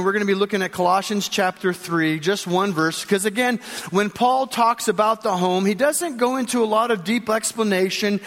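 A man's voice: high-pitched, a bit bright, long reverb tail. A male pastor giving a sermon in a conversational, joking way, speaking directly to the congregation.

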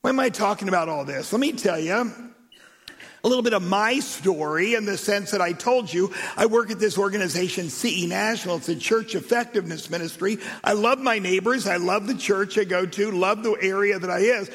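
A man preaching a sermon and telling stories in an animated way, with shouted emphasis. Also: sits high, a little fast, husky. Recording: echoey hall reverb.

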